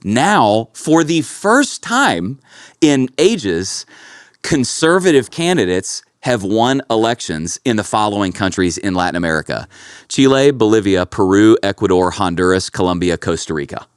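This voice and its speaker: A man talks through a story on a podcast, his low voice swinging up and down with energy. He keeps it loose and chatty and tosses "bro" and "dude" at his co-host. The sound is close and dry, with no room at all. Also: very animated, measured pace, smooth, no room sound. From Kentucky. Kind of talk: casual podcast chat.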